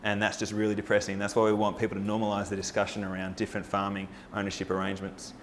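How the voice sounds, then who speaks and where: Lowish-voiced man rallying an audience. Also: racing, a little hiss or hum. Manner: energetic, rallying, with rhetorical questions to the audience. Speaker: presenter. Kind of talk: persuasive forum presentation. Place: live talk at a farming forum.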